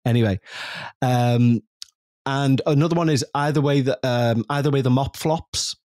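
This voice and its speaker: A man with a Yorkshire accent, a podcast guest telling anecdotes in casual chat and dropping into high mock voices. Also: normal speed, dry recording, clean studio sound. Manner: animated storyteller, jumps into high mock voices.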